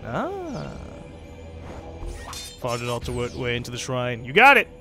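A young man casually commenting on his gameplay as a let's play host, chatty and sarcastic with excitable outbursts. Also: mid-range voice, unhurried, faint music behind.

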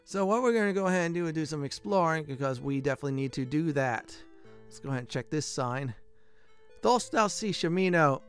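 A man's voice: fairly high pitch, quick pace, faint music behind. A man hosting a let's play, chatting casually with fillers while exploring a game. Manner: casual, rambling, many fillers. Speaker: gaming channel host.

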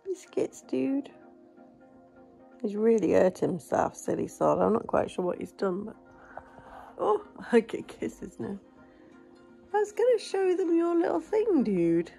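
A woman's voice: a little high, sing-song, a little slow, gravelly, long pauses, warm tone, soft background music. A woman, vlogging while talking baby talk to her pets. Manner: cooing baby talk to animals. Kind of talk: casual chat with pets.

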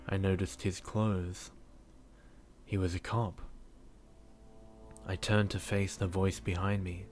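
A man narrating a first-person horror story in an earnest, measured way. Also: low-pitched, darkish tone.

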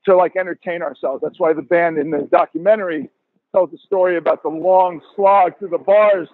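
A man in his sixties, a guest musician telling profane, animated stories in a podcast interview over a tinny phone line. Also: sits high, no room sound.

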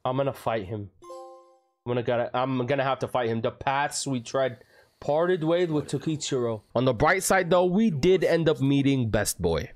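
A young man giving excitable gameplay commentary with narration, breaking into yelps and shouts and joking trash talk. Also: mid-range voice, normal speed, soft background music. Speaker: gaming video creator.

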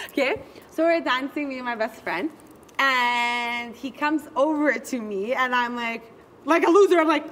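High-voiced woman telling a club story. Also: fairly quick, slight background noise. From Montreal, Canada. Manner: animated, acts out every voice in her story; peppers speech with "okay?" and "I'm like". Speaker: storyteller in a group chat. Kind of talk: casual storytelling among friends.

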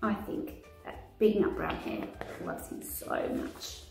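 Woman, childcare educator, picture book read-aloud, slow, echoey room, faint music. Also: medium pitch, gravelly. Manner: warm, expressive, leading children through pictures.

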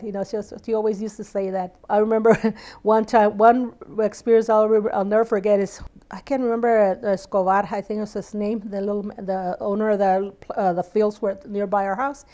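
Mellow woman in her sixties telling family stories. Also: mid-range voice, brisk. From South Texas. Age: 60s. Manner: animated storyteller who acts out dialogue. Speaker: interviewee. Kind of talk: oral history storytelling.

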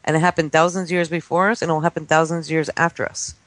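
A man in his forties, a guest on a talk radio show, telling stories excitedly and acting out the voices of children. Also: on the high side, quick pace, no room sound. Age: 40s. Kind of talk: casual talk-radio chat. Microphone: studio microphone.

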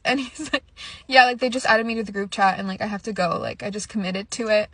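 A woman's voice: medium pitch, steady tone, fast talker, a bit bright, no room sound. A young woman casually telling a story, rambling with lots of "like" and nervous little laughs. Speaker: storyteller recounting a date.

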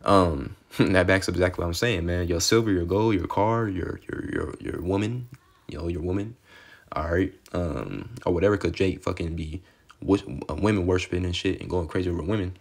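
A young adult man, a street preacher, gives a loose, rambling Bible lesson, cursing freely and ending his lines with "man" and "okay." His deep voice is creaky and fairly quick.

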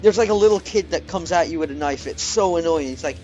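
A man's voice: a little high, fast talker, a little mellow, lo-fi sound, faint music behind. A young man commentating his gameplay live, frustrated and swearing often. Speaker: let's play gamer.

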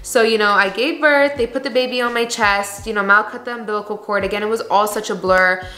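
A woman's voice: medium pitch, fairly even intonation, a little fast, pushed and bright. A young woman vlogging in a candid, chatty way, full of "like" and "you guys.". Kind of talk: casual chat to camera. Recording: echoey room.

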